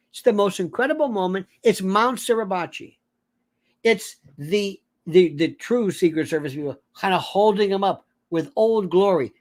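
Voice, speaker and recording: A man giving an animated commentary monologue. He rambles, corrects himself and acts out the voices of the people he describes. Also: high voice. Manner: digressive, theatrical, mimics voices, self-correcting.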